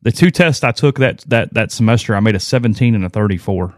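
Male sports podcast co-host, fairly low voice, rambling and self-mocking, dry close-mic sound. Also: expressive, fast talker, no echo. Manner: rambling, self-deprecating storyteller. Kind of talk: casual sports talk.

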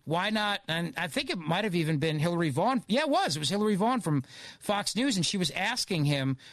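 A man hosting talk radio, riffing in a sarcastic, digressive monologue. His voice sits high and swings all over the place. The studio sound is dry and close. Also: fairly bright tone, no echo. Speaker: guest radio host.

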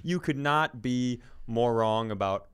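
A man's voice: medium pitch, slow, clear, resonant tone. A man co-hosting a comedy podcast, playfully building absurd bits and laughing often in casual banter.

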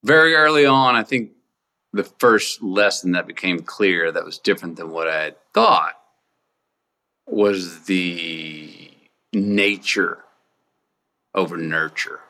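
A man talking as a podcast guest, answering in a reflective, measured way. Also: sits low, bright, forceful tone. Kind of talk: interview conversation.

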